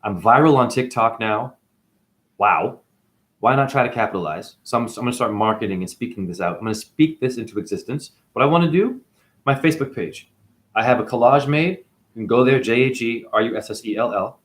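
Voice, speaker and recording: Boastful rambling man, loud then muttering. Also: medium pitch, animated, brisk. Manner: boastful, swings between loud outbursts and muttered asides. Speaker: self-styled spiritual guru. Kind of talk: rambling monologue to camera.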